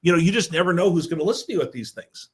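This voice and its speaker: Fast-talking, higher-voiced man telling stories. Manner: animated storyteller, acts out quotes. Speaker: podcast host, executive producer. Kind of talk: podcast interview, storytelling.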